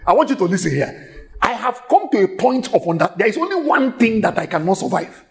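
High-pitched emphatic male preacher. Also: very animated, fairly quick. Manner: shouting, emphatic, with sudden exclamations; repeats phrases rhythmically and laughs between lines. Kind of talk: sermon.

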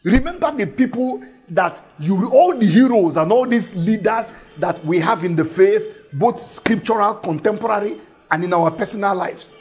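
Husky guy preaching, reads verses slow then keeps asking the crowd if they're following. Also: sits high, lively intonation, darkish tone. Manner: emphatic, repeats phrases, asks the audience questions; reads scripture slowly and deliberately. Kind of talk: sermon.

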